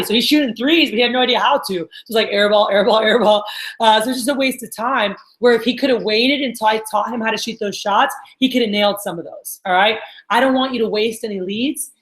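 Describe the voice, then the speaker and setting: A woman with a fairly high, fairly bright voice is training a sales team, coaching in an upbeat way and constantly checking in with "all right?" It's a training talk to a group, recorded in a roomy space on low-quality audio.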